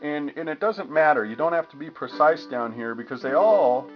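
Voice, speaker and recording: A man's voice: a little high, lively intonation, moderate pace. A man giving a casual guitar lesson, explaining strumming patterns and humming the rhythms as he demonstrates. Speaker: guitar teacher. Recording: lo-fi with guitar playing.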